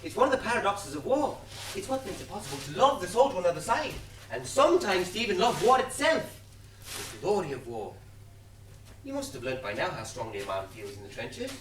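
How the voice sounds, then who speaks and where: An actor playing a sardonic, needling older Irish soldier in a stage play, heard from far off in a roomy theatre. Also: male voice, high voice, very animated, brisk, fairly bright tone. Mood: brooding. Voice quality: wry, theatrical, mocking. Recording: roomy theatre sound from far off, faint noise.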